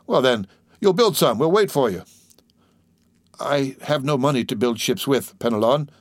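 A man voicing an old sailor who speaks plainly and rough of a wreck at sea. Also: mid-range voice, expressive, normal speed, no room sound, studio quality, close to an everyday voice. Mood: pleading. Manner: plain-spoken, loyal, rough. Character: old sailor telling of a shipwreck.

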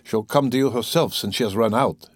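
A man's voice: mid-range voice, fairly quick, husky, no echo, natural voice. A man voicing a tense, brooding young man who talks in an agitated, peevish way.

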